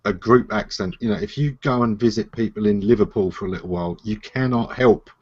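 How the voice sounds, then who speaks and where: A man's voice: lowish voice, brisk, slightly rough. A man chatting in a casual online group discussion, explaining points. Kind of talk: casual group video chat. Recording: muffled online call audio.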